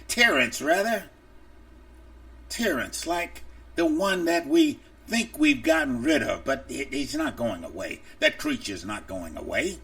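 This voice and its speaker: A male preacher gives an impassioned, openly angry podcast sermon in a slow, deliberate cadence. His gravelly voice swings widely up and down in pitch. He sounds set well back from the microphone. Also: a bit bright, far from the mic.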